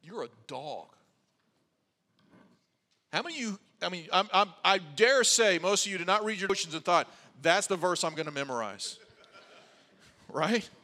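A man's voice: sits high, sharp tone, big-room sound. A male pastor preaching a sermon in a conversational way, with wry asides.

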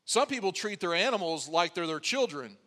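Pastor, male, high voice, conversational preaching with dry jokes, long church reverb. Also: big pitch swings, fairly quick, sharp tone. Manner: conversational preaching with wry asides. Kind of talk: sermon.

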